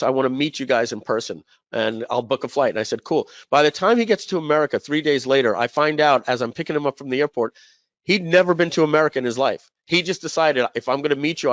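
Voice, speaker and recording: A man's voice: mid-range voice, dry recording. Man telling a story on a dry webinar. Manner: animated, acts out quoted dialogue. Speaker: webinar host. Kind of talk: casual storytelling. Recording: dry, dull lo-fi webinar audio.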